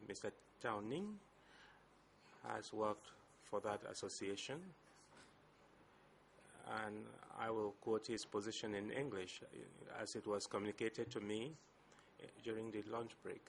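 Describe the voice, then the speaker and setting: A male lawyer, addressing a courtroom slowly and formally with some hesitations. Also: lowish voice, steady tone, slight background noise. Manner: deliberate, measured speech with hesitations. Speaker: lead co-lawyer for civil parties.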